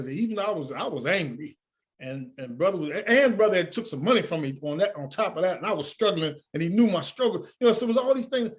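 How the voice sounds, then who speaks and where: Man, podcast guest, higher voice, earnest storyteller who acts out dialogue. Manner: earnest, animated storyteller acting out quoted dialogue. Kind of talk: storytelling in an interview.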